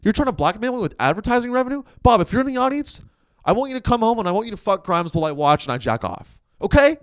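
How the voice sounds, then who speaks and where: A man's voice: very animated, fast, clean tone, no echo. A man putting on the voice of a petulant male tech billionaire who rants with profane, childish outbursts. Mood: whiny. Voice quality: shrill, whiny rant.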